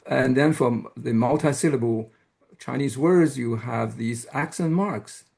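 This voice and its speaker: A man giving an academic lecture who explains step by step, pauses often and checks in with the audience. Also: medium pitch, gravelly, darkish tone. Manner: hesitant, with frequent "uh" and restarts. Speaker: university lecturer.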